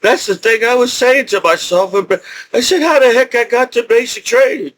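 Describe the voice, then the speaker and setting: A middle-aged man telling rambling stories in a casual, excitable way, repeating himself and restarting often. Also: very high-pitched, fairly quick, poor audio.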